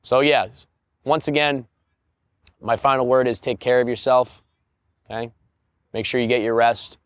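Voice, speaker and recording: Recorded in clean studio sound with no room echo, this young man's mid-range voice is clean in tone, fairly even, and a little slow. Hosting his podcast by himself, he casually covers tour dates and self-care, cracking crude jokes and occasionally launching into a loud fake-announcer bit.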